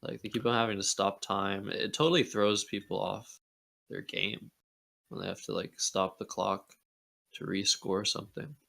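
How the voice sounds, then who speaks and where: A man's voice: lowish voice, steady tone, moderate pace, creaky, bright, forceful tone. A man giving live commentary on a board game match, joking and sarcastic. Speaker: Scrabble commentator.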